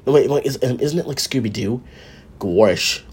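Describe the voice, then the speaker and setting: A man's voice: mid-range voice, quick pace, a little mellow, slightly rough. A man hosting a casual podcast, rambling and wry, interrupting himself as he talks while drawing. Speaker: podcast host.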